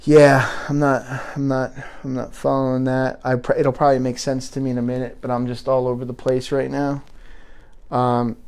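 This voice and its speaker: A man's voice: mid-range voice, a little mellow, clear, resonant tone. A man hosting a live stream, rambling and restarting his sentences as he reads chat and gives an earnest pep talk. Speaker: livestream host reading viewer chat. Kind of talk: unscripted live commentary.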